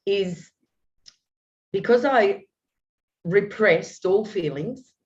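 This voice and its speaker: A woman's voice: medium pitch, very slow. Woman, 50s, rambling and heartfelt, muffled lo-fi sound. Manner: earnest, rambling, with many restarts. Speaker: guest. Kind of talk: open, heartfelt conversation. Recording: dull lo-fi audio.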